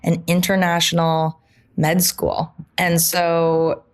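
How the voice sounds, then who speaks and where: A woman guest on an interview podcast, telling her story in a casual, animated way and laughing often. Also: fairly low pitch, takes it slowly.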